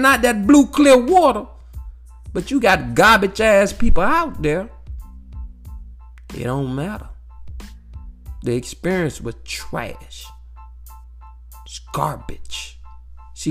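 A man in a casual, profane monologue, talking straight to his listeners and circling back to the same phrases. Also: sits high. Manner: animated, repetitive, peppered with "you know what I'm saying". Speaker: vlogger sharing life views.

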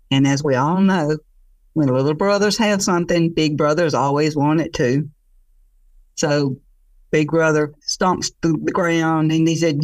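A woman storyteller telling a traditional tale in an expressive, conversational way, laughing along with it. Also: fairly low pitch, dry recording, distant mic.

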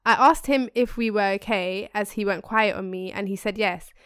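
A young woman co-hosting a podcast, reading a listener's email with slangy, animated asides. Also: mid-range voice, moderate pace, clear, resonant tone, dry recording, studio quality. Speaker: podcast co-host. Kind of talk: casual chat, reading a listener email aloud.

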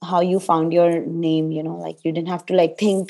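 A woman's voice: lowish voice, fairly even intonation, normal speed, mellow. A woman interviewing a guest in casual chat, asking rambling questions full of fillers and encouraging replies.

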